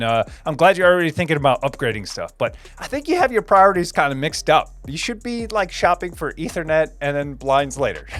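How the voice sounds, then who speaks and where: A man's voice: on the high side, fairly bright tone. Rambling upbeat male tech streamer. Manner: rambling, repeats phrases, many fillers and restarts. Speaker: livestream host. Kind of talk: casual livestream chat answering viewers.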